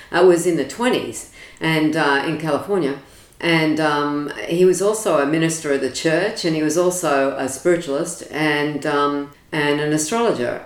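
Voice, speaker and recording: A woman, an astrologer, telling her story at length in a chatty, rambling way with frequent ums. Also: low-pitched. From Australia. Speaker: astrologer guest. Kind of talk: casual storytelling interview. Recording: roomy echo.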